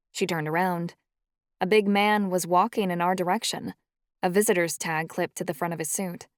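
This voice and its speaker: A woman narrating a first-person audiobook in a steady storytelling manner on a close mic. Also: on the low side, normal speed, no room sound.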